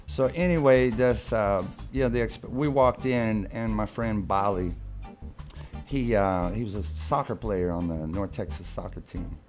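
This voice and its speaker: A man in his fifties from Oklahoma, a radio guest telling a story in a rambling, halting way with many restarts. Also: fairly low pitch, a little mellow, faint music behind. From Oklahoma, USA. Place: radio studio.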